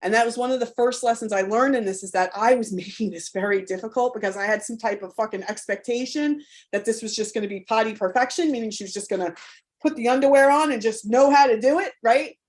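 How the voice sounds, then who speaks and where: A spirited woman coach talks straight to her audience in a live online session. Her voice sits a little high, and she is blunt and cheerfully profane, keeping it loose and conversational. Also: quick pace. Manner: frank, spirited, curses freely; conversational, rallying.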